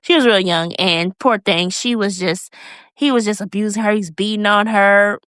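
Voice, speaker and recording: A woman hosting a casual recap review, telling the story in a chatty, animated way and acting out quotes. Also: mid-range voice, normal speed, smooth, dry recording. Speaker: video recap host.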